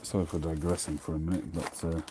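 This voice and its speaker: A man's voice: rumbling low, little pitch movement, fast, very noisy. A middle-aged man, hosting a casual livestream chat, rambling and drifting off topic as he talks. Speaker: host.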